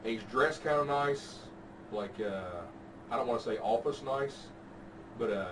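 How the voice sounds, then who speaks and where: A man's voice: medium pitch, measured pace. Laid-back, foul-mouthed man. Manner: laid-back, profane storytelling. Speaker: podcast host telling a story. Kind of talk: casual chat. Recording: distant mic with background noise.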